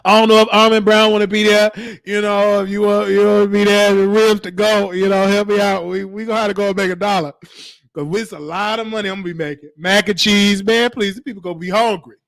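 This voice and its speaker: A man hosting a casual live-stream chat, animated and joking with frequent laughter, his voice worn from talking. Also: sits high, fast, creaky, dry recording, studio quality. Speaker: show host.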